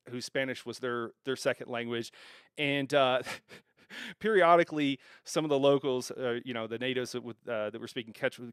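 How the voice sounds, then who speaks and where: A man's voice: medium pitch, clean tone, no room sound, studio quality. Chatty man hosting a live stream. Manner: chatty, laughs often, restarts phrases. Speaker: stream host. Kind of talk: casual live-stream chat.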